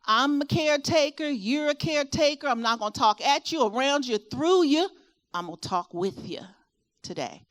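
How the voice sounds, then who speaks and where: A woman's voice: high voice, normal speed. A middle-aged woman from Virginia with a Southern accent gives a motivational talk at a caregiver expo, often putting questions to her audience. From Virginia, USA. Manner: animated, asks the audience questions, rising and falling delivery. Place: expo hall with a live audience.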